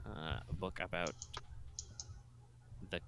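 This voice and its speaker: A man's voice: sits low, fairly even intonation, extremely slow, noisy background. A man acting as game master, explaining the rules in a loose, jokey way. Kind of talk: running a tabletop game, casual.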